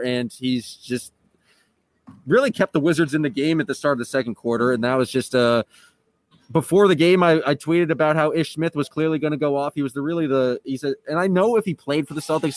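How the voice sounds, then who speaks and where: A man hosting a sports podcast, his voice on the higher side for a man and recorded dry and close. He talks in a loose, chatty way, often pausing on filler sounds. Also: no room sound. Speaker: podcast host. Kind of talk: casual sports podcast chat.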